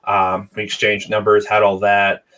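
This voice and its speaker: A man with a fairly low voice hosts a casual podcast chat. He rambles along, full of ums and restarts. He sits a little back from his microphone. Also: completely flat delivery, normal speed, pushed and bright, recorded from a distance, low-quality recording. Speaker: podcast host.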